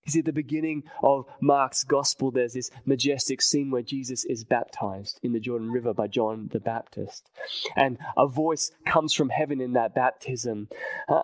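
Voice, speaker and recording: A man preaching a sermon, earnest and emphatic, repeating phrases and dropping his voice to a hush at key points. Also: medium pitch, steady tone, normal speed, low-quality recording.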